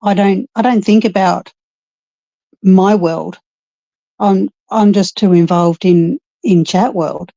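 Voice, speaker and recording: A woman's voice: mid-range voice, fairly even intonation, slow, gravelly, dark tone, no room sound. A woman chatting earnestly and reflectively with friends on a late-night stream. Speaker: chat regular. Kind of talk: casual chat. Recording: muffled lo-fi audio.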